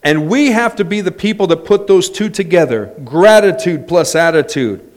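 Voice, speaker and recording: A man's voice: high voice, normal speed. A middle-aged man preaching a sermon, telling stories with joking asides. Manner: lively storytelling with joking asides. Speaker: pastor.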